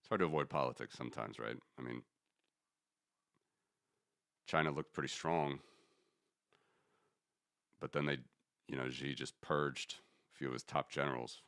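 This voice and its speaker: A man's voice: rumbling low, steady tone, moderate pace, long pauses, fairly bright tone, dry recording, studio quality. A man hosting a casual commentary stream, rambling and correcting himself as he talks through charts. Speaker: host.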